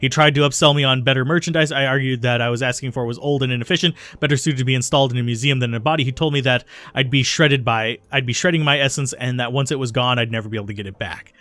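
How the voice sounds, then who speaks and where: A remorseful young woman haunted by her time in a cult tells her confession slowly and steadily, as a man reads her game dialogue aloud. The voice sits at a middle pitch and moves along briskly, recorded dry and close with no room sound. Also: no echo, close to an everyday voice. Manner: steady confessional reading with small slips. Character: remorseful young woman, former cultist turned runner.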